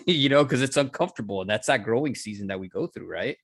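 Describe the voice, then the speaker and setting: A man's voice: medium pitch, animated, fast talker, dry recording, studio quality. A man hosting a podcast, affirming his guest, laughing along and leaning on fillers like "you know what I mean". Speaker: podcast host. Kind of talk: casual interview chat.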